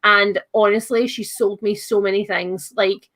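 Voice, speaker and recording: A woman's voice: medium pitch, fairly even intonation, measured pace, a bit bright. Chatty Scottish woman streaming. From Scotland. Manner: chatty, giggly, playful teasing. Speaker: livestream host. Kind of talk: casual chat. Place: at home. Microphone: livestream setup.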